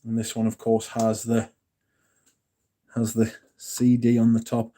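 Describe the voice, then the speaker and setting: A man's voice: medium pitch, completely flat delivery, a little slow, mellow. An English man hosting a casual livestream, rambling and correcting himself, swearing and joking as he answers chat. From England. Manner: rambling, self-correcting, jokey and profane. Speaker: livestream host.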